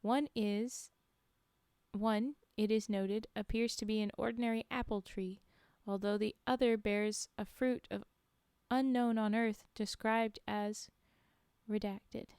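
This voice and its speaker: A young woman streamer reading spooky stories aloud and chatting with viewers in giggly, animated asides. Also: medium pitch, measured pace, clean tone, no room sound, studio quality.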